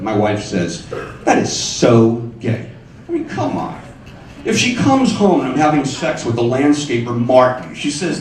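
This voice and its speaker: A man in his forties doing a stand-up set in a comedy club, wry and punchy, with sudden high squeals on his punchlines. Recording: echoey club sound from far off.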